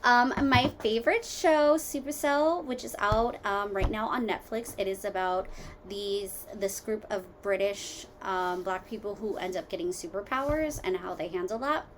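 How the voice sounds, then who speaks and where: A woman hosting her own podcast from home, rambling casually through tangents with lots of fillers, jumping between loud exclamations and quiet muttered asides. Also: medium pitch, normal speed, a little hiss or hum. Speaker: podcast host. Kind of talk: casual solo podcast chat.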